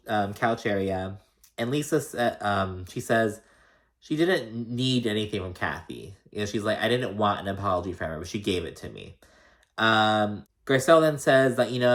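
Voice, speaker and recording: A man's voice: mid-range voice, expressive, brisk, fairly bright tone. A man casually recapping a reality show, opinionated and profane, who acts out the cast members' lines in exaggerated voices. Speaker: recap host.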